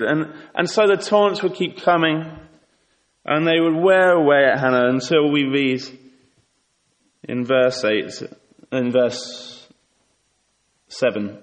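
A man's voice: fairly high pitch, measured pace. A man preaching a sermon in an earnest, exhorting way, asking rhetorical questions. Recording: echoey hall with long reverb.

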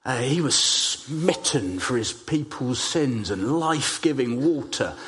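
A man preaching a sermon, telling stories and stressing key phrases slowly. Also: mid-range voice, animated, fairly bright tone. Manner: storytelling, emphatic with slow stressed phrases.

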